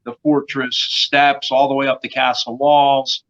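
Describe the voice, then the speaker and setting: A man with a Northern US accent hosts a podcast interview and tells a lively story in a chatty way. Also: mid-range voice, a little slow. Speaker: podcast host. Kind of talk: casual interview chat. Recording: dull lo-fi sound.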